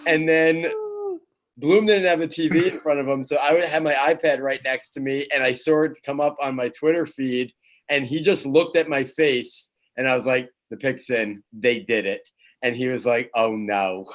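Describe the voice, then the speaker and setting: A man's voice: fairly high pitch, fairly even intonation, moderate pace. A man in a casual podcast chat who tells stories with animation and stammers through restarts. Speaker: fantasy football panelist.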